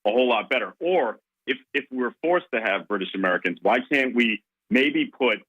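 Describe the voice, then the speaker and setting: A man's voice: medium pitch, lively intonation, normal speed, muffled recording. Sarcastic man calling in to radio. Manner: sarcastic, crude joking. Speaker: caller. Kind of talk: call-in radio comment. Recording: caller audio through radio broadcast.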